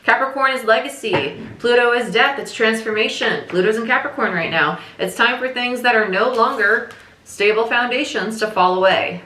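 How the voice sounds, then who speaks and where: A tarot reader with a higher, sharp-toned voice chats casually around a piece of gum, repeating herself and frequently using "like" and "right?". The audio is poor and roomy, with a little hiss or hum.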